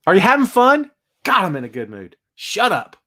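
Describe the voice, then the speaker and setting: Guy w a pretty high voice ranting on his live show, laughs a lot. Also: moderate pace. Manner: animated, ranting, laughs often. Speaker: wrestling show host. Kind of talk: casual live-chat rant.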